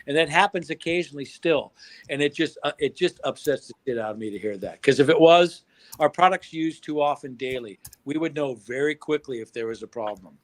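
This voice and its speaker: Excitable, cursing American man. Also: on the high side, brisk, no echo. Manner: excitable, swears freely, laughs often. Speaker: guest, product formulator. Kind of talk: casual chat on a livestream.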